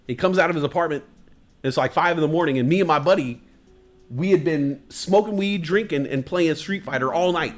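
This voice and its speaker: A man on a live stream telling a profane story in a loose, animated way, peppered with "like". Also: a little high, a little fast, soft background music. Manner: animated, profane, lots of "like" fillers.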